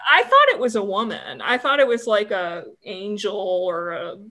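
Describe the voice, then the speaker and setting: A woman's voice: mid-range voice, very animated, moderate pace, pushed and bright. A woman co-hosting a podcast in casual chat, laughing often and talking with many "like" fillers. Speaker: podcast co-host.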